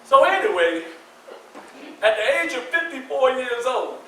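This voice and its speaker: A man in his sixties telling a personal story live to an audience, animated and acting out scenes. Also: very high-pitched, a little slow, slight background noise. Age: 60s. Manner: animated, acts out scenes with voices and shouts. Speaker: featured storyteller. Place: community center hall. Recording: echoey room from a far mic, faint ambience.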